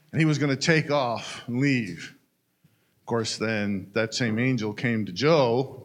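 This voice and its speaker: A man telling a story in a folksy, conversational way, talking straight to his listeners. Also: medium pitch. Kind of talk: storytelling in a casual retelling.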